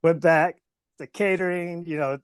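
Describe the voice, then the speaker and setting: A man with a slight Southern US accent spins a rambling wrestling story, laughing often and slipping into voices of the people in it. His voice sits a little high for a man. The sound is close and dry, with no room around it. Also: fairly even intonation, measured pace, clean tone, no room sound. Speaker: former pro wrestler guest. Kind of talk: casual storytelling interview.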